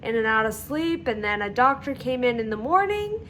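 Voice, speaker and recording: A woman telling her own story in a vlog, candid and halting, with frequent fillers and pauses as she recalls events. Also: on the high side, sing-song, fairly bright tone, slight background noise.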